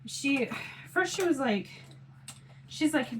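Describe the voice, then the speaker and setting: A woman's voice: sits high, animated, moderate pace, a little hiss or hum, poor audio. A woman casually telling a long story about her day, rambling and quoting herself with lots of "I was like". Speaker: mom vlogger.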